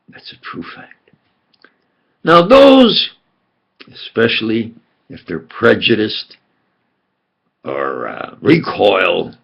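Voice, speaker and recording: An older man from New York with a New York accent, telling rambling stories in a gravelly, husky voice that swings between loud and soft. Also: mid-range voice. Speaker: self-styled preacher and physicist. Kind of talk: rambling monologue.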